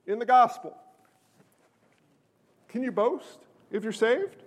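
A man preaching a sermon as pastor, an animated storyteller who jokes with the congregation. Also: extremely high pitch, takes it slowly, big-room sound, slight background noise.

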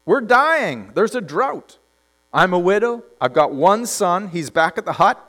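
A man's voice: sits high, sing-song, a little slow, fairly bright tone, full character voice. A man voicing a desperate poor widow woman, talking in an exasperated, raised voice.

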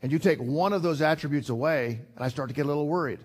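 A man's voice: fairly high pitch, quick pace, darkish tone, slightly rough. An older man preaching a sermon in an earnest, conversational way. He repeats himself often and builds to emphatic rises. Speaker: pastor.

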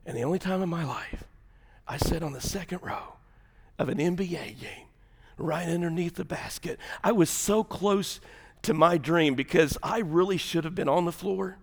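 High-voiced pastor, shouting then hushed. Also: male voice, moderate pace, husky. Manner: animated, swings from shouting to hushed. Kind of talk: sermon with comic storytelling.

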